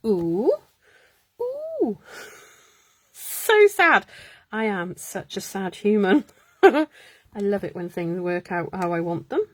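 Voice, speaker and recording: A woman's voice: medium pitch, a little slow, darkish tone, no echo. A woman hosting a live card-making stream, chatting, muttering to herself and laughing as she works. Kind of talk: casual live crafting chat.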